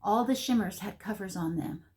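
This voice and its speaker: A woman beauty vlogger unboxing a makeup palette in a casual vlog, gushing and excitable, often repeating herself. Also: medium pitch, moderate pace.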